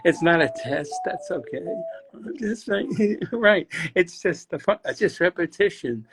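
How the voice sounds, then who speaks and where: An older man, a guest poet, chatting casually about poetry in a rambling, halting way as he searches aloud. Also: high-pitched, animated, breathy edge, faint music behind. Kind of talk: casual chat explaining poetry.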